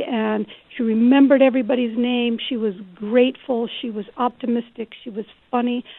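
A woman author, her voice a little high and gravelly, appears as a guest on a call-in radio interview. Speaking over a phone line, she tells stories in an earnest, reflective manner.

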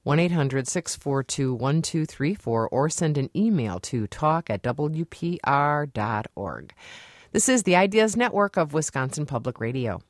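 A woman hosts a public radio call-in show. Her voice sits very low, and she speaks in a measured, inviting way. The studio mic is close and dry. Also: expressive, no room sound. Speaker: radio talk show host.

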